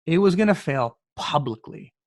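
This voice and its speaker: A Canadian man in his twenties, a podcast guest telling his story in an animated way and often repeating words as he starts a sentence. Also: on the high side, normal speed, gravelly, dry recording. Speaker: podcast guest, youth speaker. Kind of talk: storytelling in conversation.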